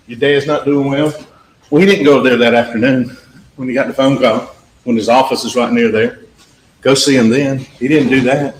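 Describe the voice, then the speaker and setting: A man giving a closing argument to a jury, emphatic and repetitive, speaking straight to the jurors in a courtroom. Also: medium pitch. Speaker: trial attorney. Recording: echoey courtroom audio with faint background noise.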